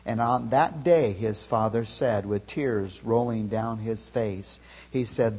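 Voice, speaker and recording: A male preacher tells a story from the pulpit at an unhurried pace, his husky voice carrying a long reverb through a large church hall. He builds the tale up to loud calls, then settles back into quiet exhortation. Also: on the low side. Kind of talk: sermon. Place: church sanctuary.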